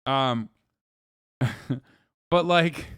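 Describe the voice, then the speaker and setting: A man streaming reaction commentary, talking in a profane, animated and mocking way. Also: mid-range voice, very slow, smooth, no echo, clean studio sound.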